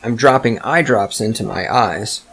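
A man's voice: fairly low pitch, measured pace, fairly bright tone, husky. A man hosting a solo podcast, ranting in a profane, sarcastic way. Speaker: podcast host. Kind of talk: solo rant monologue.

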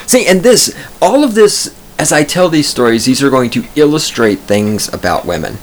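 A man's voice: fairly high pitch, very animated, moderate pace, a little hiss or hum. A man hosting a podcast from a studio booth, telling stories in a profane, digressive, self-amused ramble. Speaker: podcast host. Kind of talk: rambling comic monologue.

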